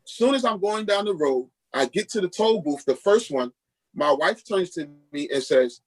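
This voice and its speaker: As a podcast guest, this middle-aged Queens, New York pastor shares a personal testimony, animatedly performing the dialogue of the people involved. He speaks with a high-pitched voice at a moderate pace, and the recording is rough.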